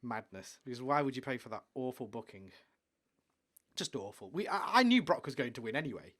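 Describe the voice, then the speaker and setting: Brief: male podcast co-host, mid-pitch, casual and enthusiastic sports chat. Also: sing-song, brisk. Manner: chatty, enthusiastic, trails off quietly.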